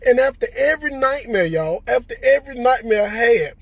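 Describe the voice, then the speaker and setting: A man telling his own story as a survivor, halting and repeating his words as he talks to listeners directly. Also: very high-pitched, lively intonation, dry recording, rough recording. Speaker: coronavirus survivor. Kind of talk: emotional personal testimony.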